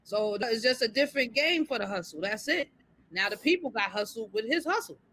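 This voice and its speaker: Bright-voiced woman, emphatic and colloquial. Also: fairly high pitch, lively intonation, fairly quick, low-quality recording. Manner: emphatic, colloquial, explains with conviction. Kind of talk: casual discussion.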